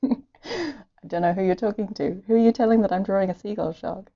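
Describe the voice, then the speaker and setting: Sketching at home on a live stream, an Irish woman chats away, giggling and talking to herself as she draws. She has a warm, medium-pitched voice with a steady tone and quick pace, heard through dull lo-fi stream audio.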